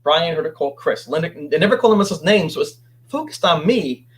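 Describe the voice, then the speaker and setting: A man telling his story as a guest on an interview show, animated and acting out what others said. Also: fairly high pitch, fairly quick. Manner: animated, acts out quoted voices.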